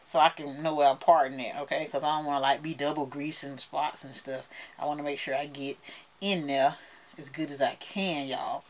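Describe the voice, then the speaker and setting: A woman's voice: low voice, fairly even intonation, moderate pace. A woman with a Southern US accent, chatting playfully to camera as a beauty vlogger and laughing often. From United States. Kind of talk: casual chat to camera.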